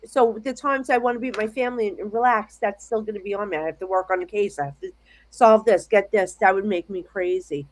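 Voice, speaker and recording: A middle-aged American woman, a psychic medium, telling stories in a casual interview from her home office over a video call, talking in an animated, rambling way with many restarts. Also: medium pitch, fast talker.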